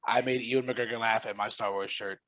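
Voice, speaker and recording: A man's voice: fairly low pitch, steady tone, fairly quick, a bit bright. A man joking in casual banter as an interviewer. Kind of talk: casual chat.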